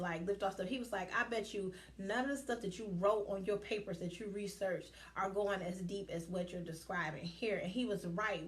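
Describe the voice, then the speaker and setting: A woman hosting her own podcast, telling a story in a casual, animated way and acting out both sides of a conversation. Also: mid-range voice. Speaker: podcast host.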